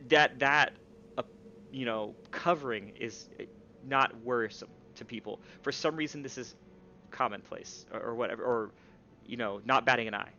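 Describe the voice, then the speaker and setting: A man's voice: medium pitch, bright, forceful tone, muffled recording, a little hiss or hum. A man narrating as game master of a tabletop game, rambling with fillers and restarts.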